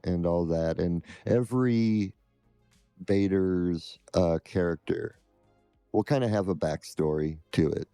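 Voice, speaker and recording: Low, mellow, unhurried man. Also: vocal fry, no echo. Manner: halting, measured. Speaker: scam-baiting streamer, guest. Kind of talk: interview answers.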